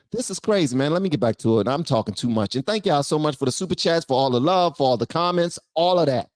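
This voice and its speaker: A man's voice: on the high side, darkish tone, no echo. A man from Southeast Washington, D.C., giving casual, emphatic reaction commentary straight to his viewers. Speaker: YouTube commentator reacting to a clip.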